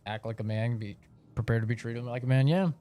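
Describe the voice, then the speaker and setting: A man's voice: medium pitch, brisk, mellow. A young man streaming a game, casually telling a childhood story, laid-back and swearing freely with bursts of laughter. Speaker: gaming streamer.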